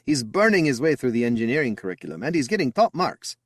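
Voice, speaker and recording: A man's voice: mid-range voice, sing-song, fast talker, no echo, studio quality, pitched above the performer's own voice. A man voicing an eager, boastful young man who talks proudly and affectionately about his little brother. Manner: upbeat, chatty and affectionate.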